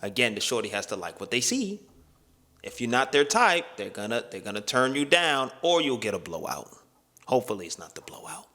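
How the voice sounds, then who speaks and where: A man's voice: medium pitch, very animated, brisk, sharp tone. A young man hosting a casual chat, talking in loose slang with emphatic bursts. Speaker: host.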